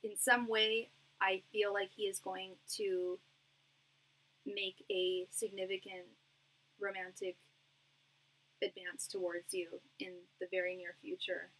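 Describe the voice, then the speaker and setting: A woman's voice: mid-range voice, flat delivery, takes it slowly, pauses often, fairly bright tone, rough recording. A young woman doing a live-stream tarot reading. She talks in a chatty, reassuring way, with lots of fillers and restarts. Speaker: tarot reader.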